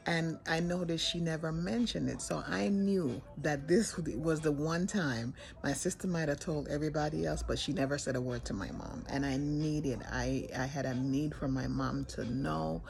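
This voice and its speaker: Older lady with a gravelly voice telling her story, earnest and halting, lots of restarts. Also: deep voice, a little mellow. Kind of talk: personal storytelling to camera.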